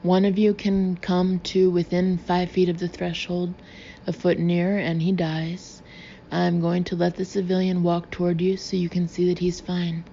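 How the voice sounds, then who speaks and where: A confident man shouts demands and threats in a loud, booming, authoritative voice, as a woman narrator acts him out. The sound is slightly muffled, with a low hiss behind it. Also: level tone, moderate pace, natural voice. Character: bold commanding male auditor posing as gunman. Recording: slightly dull recording with faint hiss.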